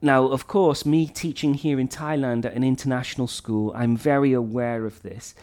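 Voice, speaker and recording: A man's voice: medium pitch, fairly even intonation, moderate pace, darkish tone. A middle-aged man from North Wales, a teacher, talking earnestly through a blog post and repeating his key points for emphasis. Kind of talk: educational talk reading and commenting on a blog post.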